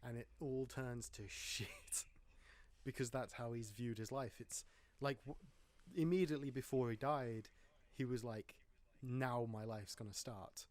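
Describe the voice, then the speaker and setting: A man's voice: mid-range voice, measured pace, darkish tone, dry recording. Chatty man on a podcast. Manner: chatty, rambling, wry jokes. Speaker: podcast host. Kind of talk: casual film podcast chat.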